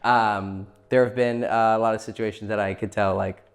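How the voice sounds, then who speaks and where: A man's voice: on the low side, fairly even intonation, normal speed. A man giving blunt, profane dating advice in a casual lecture, acting out quoted lines as he goes.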